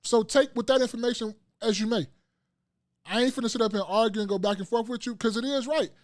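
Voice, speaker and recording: High-voiced man making an insistent point. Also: quick pace, dry recording, studio quality. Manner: talks in long, insistent runs with quoted back-and-forth. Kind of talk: casual discussion.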